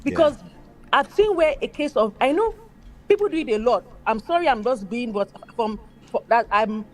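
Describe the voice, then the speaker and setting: A woman's voice: on the high side, lively intonation, moderate pace, a little mellow. A woman speaking emphatically in casual chat, mimicking other people's voices as she makes her points. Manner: emphatic, acts out quoted people.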